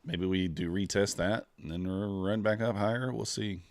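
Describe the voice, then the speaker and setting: Brief: young man, very low voice, sleepy and laid-back, dry close mic, live trading stream. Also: steady tone, normal speed, darkish tone, no echo. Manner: laid-back, drawling, greets chat viewers. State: tired, yawning. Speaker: futures trader streaming live. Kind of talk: casual live-stream commentary.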